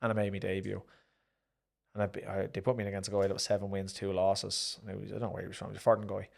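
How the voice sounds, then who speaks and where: A man's voice: sits low, monotone, rapid-fire, creaky, darkish tone. An Irish man, a former pro boxer, telling stories in a casual interview, re-enacting his own exchanges and swearing freely.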